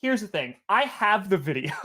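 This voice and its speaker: Here a man speaks high and at a measured pace while hosting a live stream. His casual game commentary slides into a meandering story, told with animated chattiness and a steady stream of "like"s.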